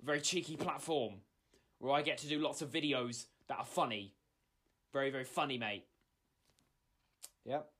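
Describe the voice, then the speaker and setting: A man's voice: mid-range voice, normal speed, pauses often, a bit bright, lightly acted. A man voicing a boastful young male internet comedian who keeps saying "mate". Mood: cocky.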